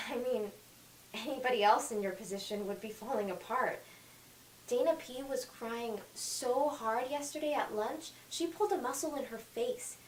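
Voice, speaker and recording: A woman acting an overeager, chatty teenage girl in an audition reading, talking in quick gushing bursts. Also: a little high, a little hiss or hum, natural voice. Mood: eager. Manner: rapid, overbearing chatter. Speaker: auditioning actress. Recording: echoey room, faint music, from far off.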